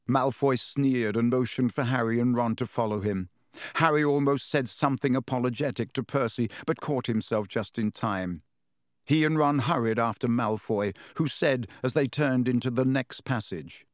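Steady male audiobook narrator, dry sound. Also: on the low side, no room sound. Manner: steady, measured reading. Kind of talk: scripted narration.

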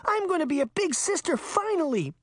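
Man doing an excitable little girl, very high and bouncy, storybook. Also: measured pace, no room sound, studio quality, exaggerated voice. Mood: excited. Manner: eager, bubbly. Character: little girl, excitable, feisty younger sister.

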